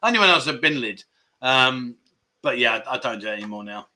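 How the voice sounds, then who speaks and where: A man's voice: medium pitch, lively intonation, quick pace, pushed and bright. A man, hosting a casual livestream chat show and rambling as he reads out viewer comments. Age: 50s. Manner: chatty and rambling, with lots of fillers and self-corrections. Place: livestream set in Pattaya.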